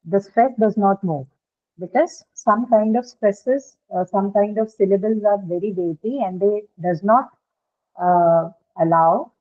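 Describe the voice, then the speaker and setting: A woman's voice: medium pitch, measured pace. A woman teaching an English class, explaining patiently and checking in with her students. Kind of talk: classroom lecture on word stress. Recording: phone-like lo-fi classroom audio.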